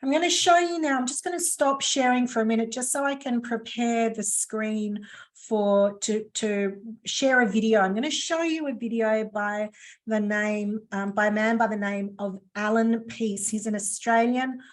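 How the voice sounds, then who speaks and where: A woman's voice: fairly high pitch, moderate pace. Chatty woman leading an online workshop. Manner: chatty and playful, teasing asides. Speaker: workshop presenter. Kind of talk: live online training session. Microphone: video call.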